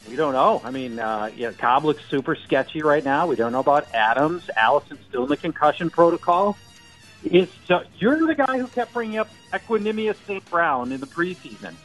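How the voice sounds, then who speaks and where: A man's voice: fairly high pitch, lively intonation, brisk, a bit bright, faint music behind, low-quality recording. A man talking as a fantasy football analyst on a sports radio show, joking and thinking aloud with restarts. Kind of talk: casual sports radio chat.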